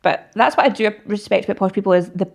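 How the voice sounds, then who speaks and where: A woman's voice: medium pitch, quick pace, vocal fry. A woman with a West of Scotland accent, chatting casually and swearing freely as she tells stories. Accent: West of Scotland Scottish. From West of Scotland, near Clydebank. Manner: sweary, animated storytelling. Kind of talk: casual chat.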